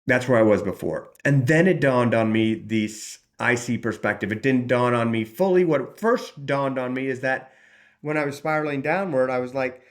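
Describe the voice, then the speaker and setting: A man's voice: mid-range voice, normal speed. Earnest man telling his recovery story. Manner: earnest, rambling, frequent restarts; quotes his own thoughts in voices. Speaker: recovery channel host. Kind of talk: personal recovery talk.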